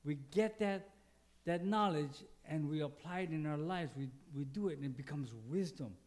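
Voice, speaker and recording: A man's voice: moderate pace, darkish tone. A man, a pastor, preaching a conversational sermon, asking the congregation questions and acting out little quoted exchanges with sudden jumps in his voice. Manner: dynamic, acts out quotes with big pitch jumps.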